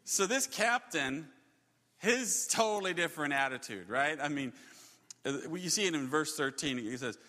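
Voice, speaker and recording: Bright, high-voiced male preacher in a reverberant hall. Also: moderate pace. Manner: animated storytelling with laughs and acted-out quotes. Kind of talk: sermon.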